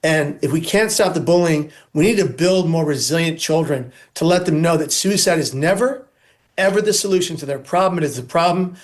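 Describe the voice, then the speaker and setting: Man, interview guest, emphatic, repetitive lists, higher-pitched voice. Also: a little fast. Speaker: guest, suicide prevention speaker. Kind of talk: earnest interview storytelling.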